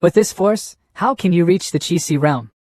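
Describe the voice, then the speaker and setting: A man's voice: high voice, moderate pace, a little mellow, voice pushed up. A man voicing a scheming, boastful old male monk who talks in a mocking, gloating way.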